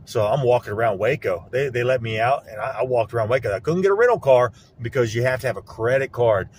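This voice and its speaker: A middle-aged man talks into a handheld phone while he is outdoors. His voice sits at an ordinary middle pitch, with faint background noise. He rambles in an aggrieved, accusing tone and keeps repeating his points. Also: expressive, fast talker. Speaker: vlogger. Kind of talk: rambling phone vlog monologue. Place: outdoors, around a lake.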